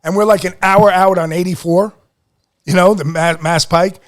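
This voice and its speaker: A middle-aged man from Pennsylvania hosting a podcast, telling an emotional family story in casual chat, excitable and swearing. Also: high voice, moderate pace. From Lehigh Valley, Pennsylvania. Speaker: podcast host.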